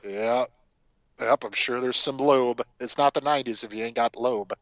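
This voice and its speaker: A man's voice: medium pitch, normal speed, no room sound. A man co-hosting a podcast, chatting casually and animatedly about a movie, swearing and laughing often. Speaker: podcast co-host. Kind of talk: casual film chat. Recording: dry, dull lo-fi sound.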